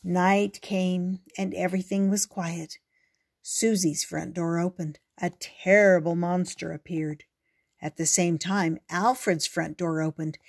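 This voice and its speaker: An older woman reading a children's picture book aloud in a gentle, expressive storytelling voice. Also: lowish voice, takes it slowly, gravelly.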